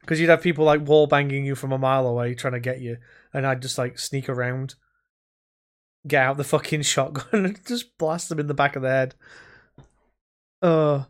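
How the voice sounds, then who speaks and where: This podcast co-host has a mid-range voice and a moderate pace, broken up by long pauses. Chatting casually about gaming, he tells his stories in a rambling, animated way, swearing a lot.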